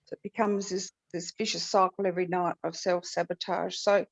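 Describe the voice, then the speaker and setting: A woman's voice: lowish voice, level tone, fairly quick, creaky. Woman, workshop participant, candid and reflective, muffled call audio. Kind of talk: casual chat on a video call. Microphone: video call.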